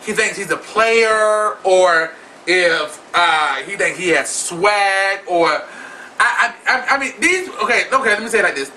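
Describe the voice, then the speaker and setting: A man with a very high, sharply bright voice rants about celebrity gossip in a sassy, flamboyant, profane way, talking straight to his viewers. He sits a little back from the mic, with a faint room hum underneath. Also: distant mic, rough recording. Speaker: vlog host.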